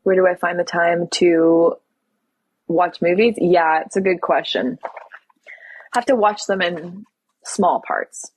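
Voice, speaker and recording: A woman's voice: lowish voice, steady tone, takes it slowly, pauses often, husky, no echo, rough recording. A young woman from Toronto hosting a casual live stream, reading viewer questions aloud and answering them candidly. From Toronto, Canada. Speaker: livestream host.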